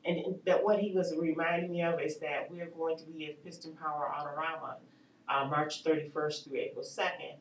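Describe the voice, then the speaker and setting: A woman's voice: sits low, level tone, fairly quick, roomy sound, recorded from a distance, a little hiss or hum, low-quality recording. A woman hosting a call-in radio show, an eager, agreeable interviewer chatting with her guest. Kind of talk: casual chat on a call-in show.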